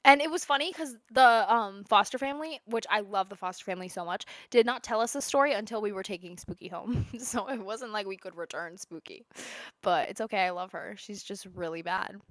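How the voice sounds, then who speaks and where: A chatty woman in her twenties chats to camera from home, rambling from one tangent to another in a loose, casual way. Her voice sits at an ordinary middle pitch and sounds close and dry, with no room echo. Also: brisk, a bit bright. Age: 20s. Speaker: lifestyle creator. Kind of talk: casual sit-down chat.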